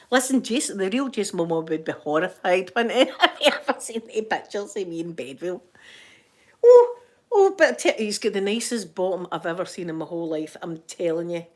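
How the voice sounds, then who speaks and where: An older Scottish woman talking straight to camera from her home. She rambles happily in a mid-height voice and breaks into laughter often. Her tone stays homely and affectionate toward her viewers. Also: medium pitch. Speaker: vlogger. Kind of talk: casual chat to camera.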